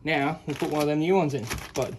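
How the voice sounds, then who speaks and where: A man's voice: a little high, steady tone, fast talker, over loud music. A man giving casual commentary while working on a car part in his workshop, chatting as he goes. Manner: talks while working, chatty, self-deprecating. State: out of breath. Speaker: home mechanic.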